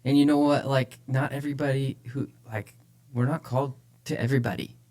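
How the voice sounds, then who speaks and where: In a slightly mellow, mid-range voice with little pitch movement, this man speaks fairly quickly. As co-host of a church podcast and a church leader, he discusses faith with casual energy and repeats phrases to stress them.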